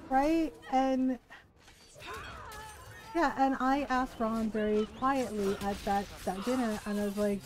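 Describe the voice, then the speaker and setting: A woman's voice: mid-range voice, a little slow, background noise. A woman game streamer chatting casually, animatedly telling a personal story, quoting people and laughing often. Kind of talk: casual storytelling chat while gaming.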